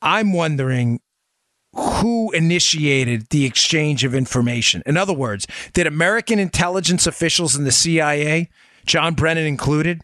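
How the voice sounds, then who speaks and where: A man's voice: fairly high pitch, lively intonation, moderate pace, fairly bright tone, no room sound, clean studio sound. A man hosting a political podcast, delivering emphatic commentary full of rhetorical questions aimed at his listeners. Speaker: podcast host.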